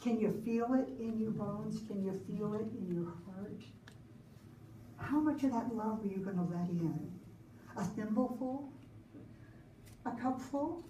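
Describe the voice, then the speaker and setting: Slow, mellow woman minister preaching. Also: medium pitch, distant mic, a little hiss or hum. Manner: slow, rhythmic, leads call-and-response. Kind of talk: sermon with guided prayer. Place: church sanctuary. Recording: roomy sanctuary recording from afar.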